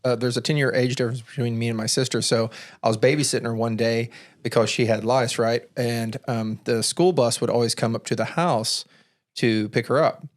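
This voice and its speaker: A man's voice: medium pitch, steady tone, brisk. A man hosting a podcast in casual chat, telling stories in a rambling, stop-start way. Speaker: podcast host.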